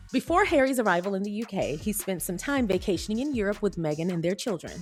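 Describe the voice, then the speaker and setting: A woman reading a celebrity news article aloud and breaking off into playful, chatty tangents. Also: lowish voice.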